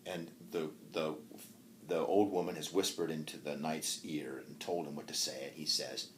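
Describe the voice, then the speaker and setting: A man's voice: rumbling low, fairly even intonation, normal speed, a little hiss or hum. A man giving a university literature lecture who retells a story with animation, acts it out, and laughs often. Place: classroom.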